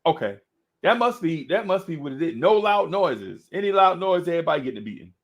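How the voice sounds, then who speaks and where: A man spins a childhood story in relaxed conversation, his voice gravelly and riding up and down in pitch. He laughs easily and slips into the voices of the people he describes. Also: a little fast. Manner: animated, laughing, acts out the people in his stories. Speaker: podcast co-host. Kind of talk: casual storytelling.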